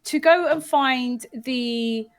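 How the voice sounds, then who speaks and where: High flustered woman player. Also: drawn-out words. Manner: flustered, giggly, keeps fumbling names. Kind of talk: in-character tabletop play.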